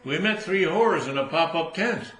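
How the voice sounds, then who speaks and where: Brief: a man playing an old country man reciting, sly and bright, echoey room. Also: fairly high pitch, animated, normal speed, pitched above the performer's own voice. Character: old Southern country man, crude poet. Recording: roomy hall with faint noise.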